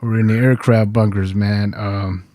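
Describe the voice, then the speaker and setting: Laughing, profane storytelling host. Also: male voice, lowish voice, little pitch movement, normal speed, dark tone, no room sound, clean studio sound. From New York. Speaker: podcast host. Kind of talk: casual interview chat.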